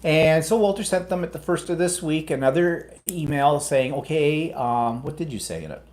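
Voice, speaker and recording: A man's voice: fairly high pitch, expressive, normal speed, darkish tone. A man co-hosting a casual live chat show, talking in a rambling, teasing, chatty way. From United States. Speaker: co-host.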